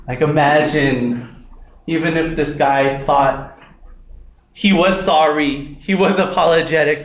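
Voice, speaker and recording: A man's voice: a little high, a little hiss or hum. A young man preaching a sermon in a conversational way, with asides like "right?", in an echoey room.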